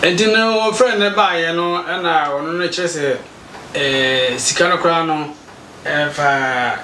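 A man's voice: fairly high pitch, moderate pace, slight background noise. A Ghanaian man with a Ghanaian accent animatedly recounting events and acting out what people said. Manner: animated storytelling, acts out quoted exchanges. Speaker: community association member. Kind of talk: recounting events, mixing Twi and English. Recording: echoey room, mic far off.

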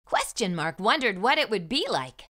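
A woman reading a picture book aloud to children in an animated, sing-song manner. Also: medium pitch, normal speed. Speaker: children's storyteller.

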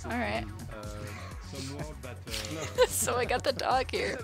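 A woman giggling and chatting excitedly to herself while playing in virtual reality, sometimes sinking to a whisper. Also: fairly high pitch, slow pace, gravelly, loud music behind the voice. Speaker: VRChat streamer. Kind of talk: casual vlog commentary. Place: playing in a VR social app at home.

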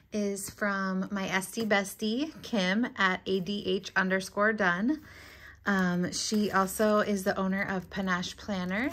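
A young woman chatting casually as she unboxes mail, gushing and excitable, with frequent gasps and exclamations. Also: mid-range voice, a little hiss or hum. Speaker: stationery vlogger.

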